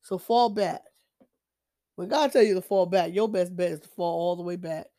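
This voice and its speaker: A woman with a fairly low, mellow voice talks fast in a steady tone while sharing her own faith testimony as a Christian vlogger. Her style is casual yet preachy, emphatic, repetitive, and full of restarts.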